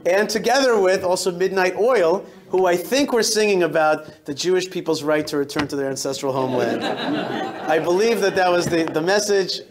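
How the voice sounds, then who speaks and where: A man in his forties, a rabbi giving a lively storytelling talk to a synagogue congregation, often restarting and repeating words. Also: sits high, moderate pace. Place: synagogue hall.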